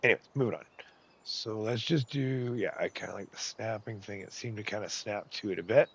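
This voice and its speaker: A man hosting a casual game tutorial, chatting to himself and getting excited as he builds. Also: lowish voice, fairly quick, gravelly, husky. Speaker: gaming channel host.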